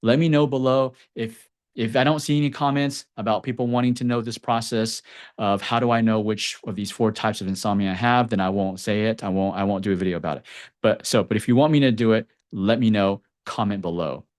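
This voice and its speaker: A man who runs a clinic, teaching about sleep problems in a lively explainer style. He keeps checking in with his viewers by saying "okay?" and "right?". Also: lowish voice, fairly quick. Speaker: acupuncturist and clinic owner. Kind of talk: educational health explainer to camera. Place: Texas clinic.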